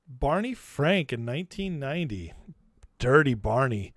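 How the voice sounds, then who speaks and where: A man's voice: fairly high pitch, lively intonation, normal speed, clear, resonant tone, no echo, clean studio sound. A man hosting a political commentary vlog, talking in a chatty, opinionated, offhand way. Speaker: host.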